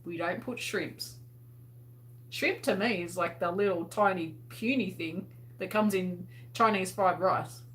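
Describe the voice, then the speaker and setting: A woman's voice: lowish voice, unhurried. Aussie woman chatting on her livestream, laughing a lot, lots of likes and ums. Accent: Australian. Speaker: host. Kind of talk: casual livestream chat reading viewer comments.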